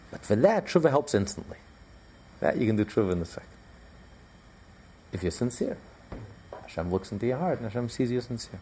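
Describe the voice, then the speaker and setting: A man's voice: fairly low pitch, mellow, a little hiss or hum. A man teaching a recorded Torah class, emphatic and conversational, repeating his points with fillers.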